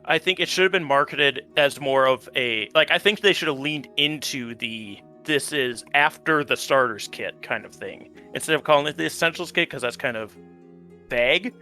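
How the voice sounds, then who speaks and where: A man who played in a tabletop game, talking it over in a relaxed, rambling way with many ums. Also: fairly high pitch, normal speed, faint music behind. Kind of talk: casual post-series chat.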